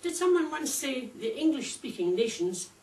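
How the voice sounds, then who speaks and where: An older woman with a Scottish accent delivering a prepared, humorous speech at a speakers club in a wry, measured, deliberate way. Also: high-pitched, very animated, a little mellow. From Scotland. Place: club meeting room. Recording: echoey room, distant mic, faint hiss.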